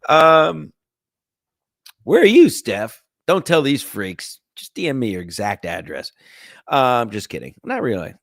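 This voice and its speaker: A man's voice: mid-range voice, very animated, a little slow, gravelly, fairly bright tone, no echo, clean studio sound. A man hosting a sports podcast livestream, reading the chat aloud and bantering crudely in a rambling, joking way.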